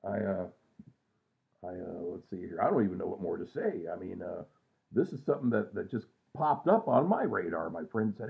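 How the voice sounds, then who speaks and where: Man in his sixties, casual rambling vlog, self-mocking, gravelly voice, tinny phone-like recording. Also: sits low, very animated, moderate pace. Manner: rambling, self-mocking, trails off with many fillers. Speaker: vlogger. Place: home at night.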